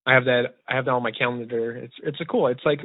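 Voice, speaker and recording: Young male podcast host, rambling and excited; dead, narrow phone-quality audio. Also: medium pitch, fast talker, no room sound. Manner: rambling, eager, many restarts. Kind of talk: casual storytelling chat. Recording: tinny phone-like dry sound.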